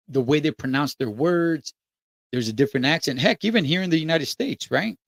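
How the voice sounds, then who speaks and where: A laid-back trucker vlogger talks in a casual monologue, his mid-range voice recorded with no echo. His speech is slangy and full of fillers.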